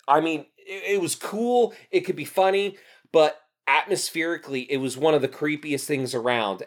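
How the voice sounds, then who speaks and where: A man in his thirties from New Jersey, telling stories in a casual podcast chat, animated and full of swearing. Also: mid-range voice. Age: 30s. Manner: animated, profane storytelling.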